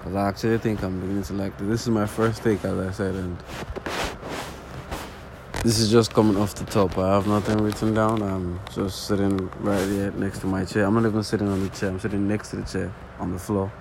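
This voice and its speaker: A man's voice: fairly low pitch, flat delivery, brisk, vocal fry, background noise. A man in his early twenties with an accent, rambling casually and swearing in an unscripted solo talk while sitting on the floor. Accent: non-native English accent. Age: early 20s. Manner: rambling, casual, swears often, repeats false starts. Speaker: podcast host.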